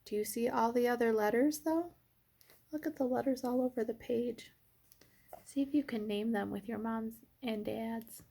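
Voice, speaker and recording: A woman teacher reading a picture book aloud to young children, pausing to ask them questions. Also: fairly high pitch, gravelly. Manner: gentle, slow, addresses the children directly.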